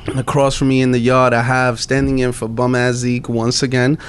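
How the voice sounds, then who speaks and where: A man's voice: mid-range voice, flat delivery, brisk, a little hiss or hum. A man hosting a podcast in casual chat, joking and cursing freely. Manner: loose, profane, joking. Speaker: podcast host.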